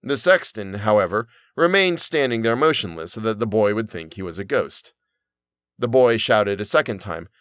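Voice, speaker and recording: A man narrating a fairy tale in an animated storybook reading. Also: lowish voice, normal speed, no echo.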